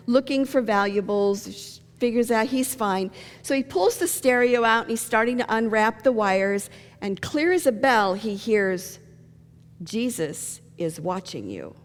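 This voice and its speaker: Her voice is a little high and moves at a moderate pace as this middle-aged pastor delivers a sermon full of stories and jokes. She's in a church sanctuary, and the recording has long church reverb.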